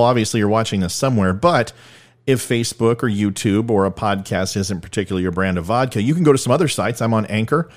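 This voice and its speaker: A middle-aged man hosting a podcast, delivering comedic political commentary in an irreverent, self-deprecating, joking manner. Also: mid-range voice. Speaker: podcast host.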